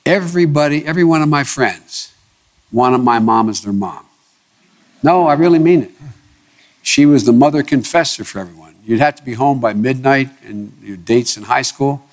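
An earnest man recalls his upbringing in an interview. He speaks emphatically and halts often, with frequent restarts. His voice sits at an ordinary pitch for a man. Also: moderate pace. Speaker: interview guest, politician. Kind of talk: reflective personal storytelling.

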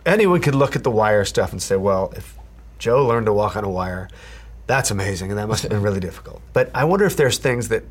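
A man's voice: lowish voice, lively intonation, brisk, breathy edge. A man interviewing a guest, asking long, winding questions full of qualifiers. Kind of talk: conversational interview.

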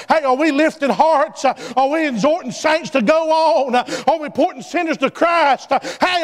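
A male preacher delivers his sermon in a very high voice. He rides a chanting cadence, punctuating nearly every phrase with "uh, hey." His exhortations climb toward shouts.

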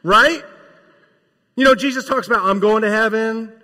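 A man preaching a sermon, emphatic and casual, swinging from loud bursts to hushed lines. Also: high voice, normal speed. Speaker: pastor. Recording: long hall reverb.

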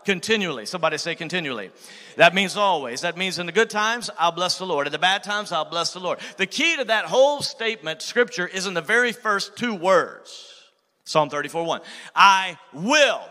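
High-voiced preacher. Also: male voice, bright, forceful tone, long reverb tail. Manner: preaching with call-and-response to the congregation. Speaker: pastor. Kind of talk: sermon. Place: church sanctuary.

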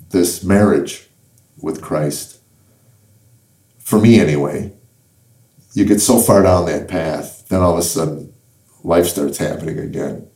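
Deep-voiced middle-aged man telling his story. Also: mellow. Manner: halting storyteller, repeats words, acts out quotes. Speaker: comedian guest. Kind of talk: conversational faith testimony. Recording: echoey room, distant mic.

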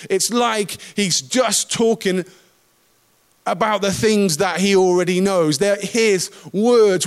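High-voiced male preacher. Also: clear, resonant tone. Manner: conversational, lively with asides and humor. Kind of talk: sermon.

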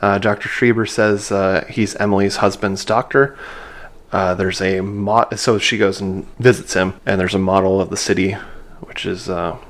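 A man's voice: deep voice, little pitch movement, normal speed. A man co-hosting a film podcast, rambling through film trivia with many fillers and self-corrections. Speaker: podcast co-host. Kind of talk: casual chat about a film.

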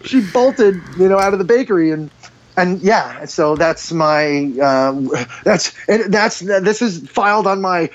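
A man in his forties with a high-pitched voice tells a story in a casual, animated way, saying "dude" and "like" all the time. The audio is muffled and lo-fi. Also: measured pace. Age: 40s. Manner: animated, heavy use of "dude" and "like". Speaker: guest.

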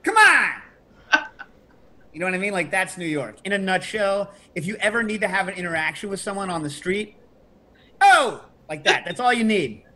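Man, middle-aged, podcast host, casual chat, animated storyteller, slightly high voice. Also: fast, few pauses. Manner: animated storyteller, leaps to high shouted imitations.

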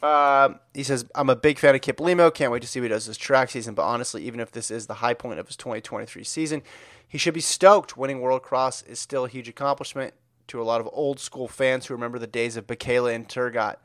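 A man's voice: medium pitch, fast talker, a bit bright, dry recording. A man co-hosting a running podcast, reading listener emails aloud with dry joking asides. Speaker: podcast co-host.

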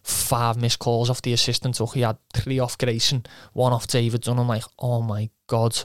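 A man's voice: mid-range voice, monotone, normal speed, clear, resonant tone, no echo, clean studio sound. A young man telling a rambling, swearing footballer's anecdote, quoting himself and laughing often. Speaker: footballer guest. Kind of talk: casual anecdote.

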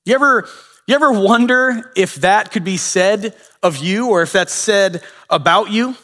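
A man's voice: high-pitched, a little slow, sharp tone. Man preaching in a reverberant hall. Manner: conversational storytelling with filler uhs. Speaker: pastor. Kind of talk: sermon. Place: church sanctuary. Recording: long reverb of a church hall.

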